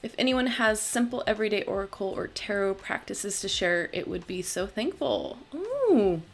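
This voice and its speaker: A young woman hosting a tarot live stream, talking casually and bubbly, laughing often and filling pauses with "um". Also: mid-range voice, big pitch swings. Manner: chatty, bubbly, laughs often, many fillers. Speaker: tarot channel host.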